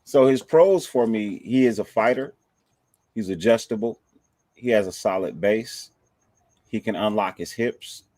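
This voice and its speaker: A man's voice: fairly low pitch, unhurried, a little mellow, dry recording. A man hosting a casual fan show, talking slangy and laid-back, thanking viewers and breaking down players. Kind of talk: casual sports chat.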